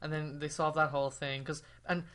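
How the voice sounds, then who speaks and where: A young adult podcast co-host with a bright, sharp tone rambles through casual chat. The talk is full of fillers and sarcastic jokes at a middling pitch. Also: flat delivery, fairly quick.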